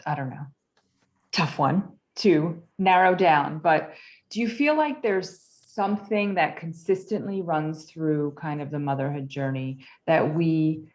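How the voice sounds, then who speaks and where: A woman hosting an interview over a video call, asking questions in quick, friendly, slightly hesitant phrasing. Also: deep voice. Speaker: host, interviewer.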